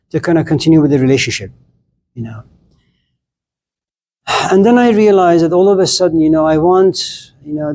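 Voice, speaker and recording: A man's voice: on the high side, darkish tone. A middle-aged man giving a casual, blunt classroom lecture on philosophy, chatting straight at his students and acting out little scenes.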